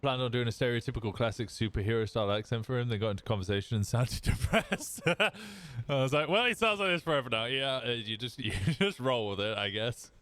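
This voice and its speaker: A man's voice: mid-range voice, brisk, fairly bright tone. A young man with an English accent chatting casually on a live stream while gaming, rambling and self-mocking, breaking into laughs and the odd curse.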